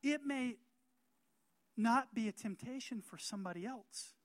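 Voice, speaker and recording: A middle-aged male pastor delivers a sermon at a slow, deliberate pace. He is emphatic, swinging between hushed passages and loud calls for amen. The sound is dry and close. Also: very high-pitched, no room sound.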